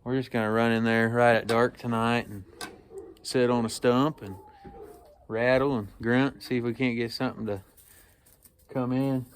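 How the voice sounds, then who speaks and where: A man, talking casually while doing farm chores and calling loudly to his animals. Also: mid-range voice, level tone, normal speed, pauses often, a little hiss or hum. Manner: calls loudly to animals, chatty and laughing. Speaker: farm vlogger. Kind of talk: casual farm vlog narration. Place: outdoors on a farm.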